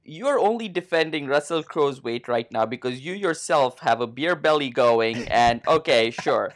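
Man with deadpan sarcastic praise. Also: medium pitch, normal speed. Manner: earnest-sounding, sarcastic praise. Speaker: podcast co-host. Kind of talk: comedic debate podcast.

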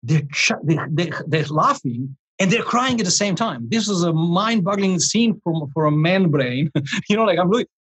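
Male life coach, 40s, interview guest; slightly high, husky voice; animated, restart-heavy storytelling. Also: moderate pace, poor audio. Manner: animated, rambling, frequent restarts and chuckles.

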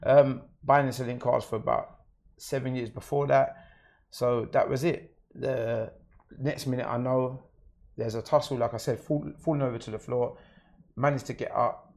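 A London-accented man, a guest in an interview, tells his own story plainly and matter-of-factly. His mid-range voice is darkish and steady, delivered at a moderate pace.

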